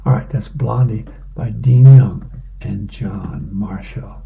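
A man reading the newspaper aloud in a plain, unhurried way for a reading program. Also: lowish voice, gravelly, phone-quality sound.

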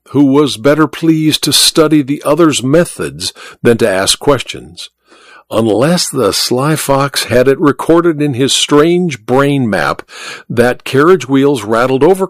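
Male narrator, expressive storybook reading, animated pitch, dry close mic. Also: dry recording. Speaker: audiobook narrator. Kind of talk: scripted narration.

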